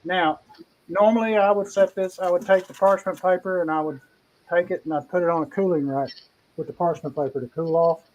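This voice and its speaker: A man's voice: high-pitched, steady tone, brisk, dull audio. A man hosting a casual cooking show, chatting in a folksy, rambling way. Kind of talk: casual live cooking chat.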